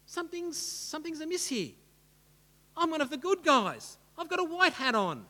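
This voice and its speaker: A man's voice: very high voice, pushed and bright, long reverb tail, pitched above the performer's own voice, exaggerated voice. A preacher acting out an indignant zealous man. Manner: protesting, incredulous.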